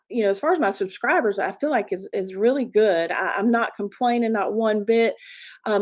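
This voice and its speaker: A woman in her fifties hosting a casual live stream, chatty and earnest, rambling with fillers and restarts as she encourages her viewers. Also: mid-range voice. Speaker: YouTube channel host. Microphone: webcam or phone live stream.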